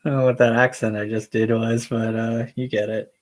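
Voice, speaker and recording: A man's voice: mid-range voice, level tone, brisk, few pauses, darkish tone. A young man chatting casually and rambling while he paints, laid-back and slangy, with loose asides. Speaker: model painting streamer.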